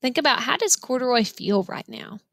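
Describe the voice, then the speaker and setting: A woman reading a picture book aloud to children, stopping like a teacher to explain and to ask the listener questions. Her voice is bright and slightly high, and it is recorded close on the mic with a dry, roomless sound. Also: animated, normal speed, no echo. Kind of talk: read-aloud storytelling.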